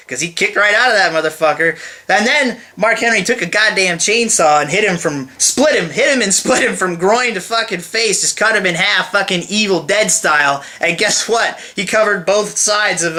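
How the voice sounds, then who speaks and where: Man, high bright voice, angry swearing review rant, exasperated delivery. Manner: heated, swears constantly, exasperated. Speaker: wrestling event reviewer. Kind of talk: profane ranting review.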